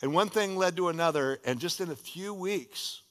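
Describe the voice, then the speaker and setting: In a church sanctuary, a middle-aged male pastor preaches a sermon built around a personal story, told casually and conversationally with lively retold dialogue. His voice is high-pitched at a normal pace, resonating as in a large hall.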